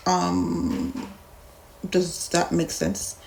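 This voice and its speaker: A young woman from Jamaica telling a story in a casual vlog, blunt and animated, acting out the dialogue as she goes. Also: lowish voice, drawn-out words, gravelly, noisy background. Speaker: vlogger.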